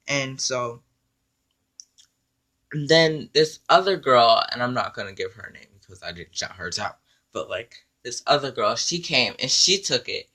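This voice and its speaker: A man telling an animated, profane story in a storytime vlog, acting out the dialogue. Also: medium pitch, unhurried. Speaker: vlogger.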